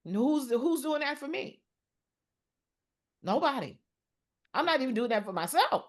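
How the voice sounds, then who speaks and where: A middle-aged woman, a podcast guest, speaking earnestly in a personal conversation about mental health, often pausing and restarting her sentences. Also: high-pitched, sing-song.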